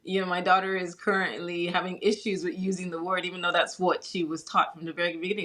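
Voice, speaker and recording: Passionate woman GP guest, middle-aged, lower pitch, conversational. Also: fairly even intonation, a little fast, bright, forceful tone. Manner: earnest, passionate explainer. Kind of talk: conversational health interview.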